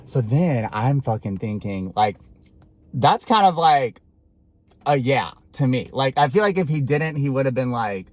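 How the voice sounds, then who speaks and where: A young man telling a dramatic personal story to his viewers in a casual, excitable way, swearing and filling his talk with "like". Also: mid-range voice, a little slow, dry recording. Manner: animated, swearing, lots of "like" fillers.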